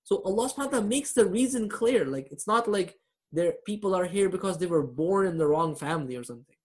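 A man's voice: sits high, animated, quick pace, darkish tone. A man teaching a live online grammar class over a video call, quizzing his students and laughing at his own jokes.

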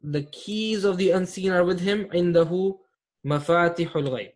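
A man's voice: high-pitched, fast talker. A man teaching an online Arabic grammar class, explaining patiently and often checking that students follow.

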